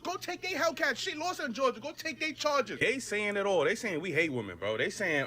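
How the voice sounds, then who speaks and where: A man rants in a profane, exasperated street-slang monologue. His voice leaps widely up and down and carries a bright, forceful edge. A faint background hiss sits under him. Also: sits high, big pitch swings, brisk, few pauses. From New York. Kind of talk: ranting monologue.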